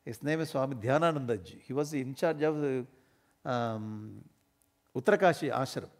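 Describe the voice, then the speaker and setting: A man giving an animated, emphatic spiritual discourse, often laughing as he talks. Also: a little high.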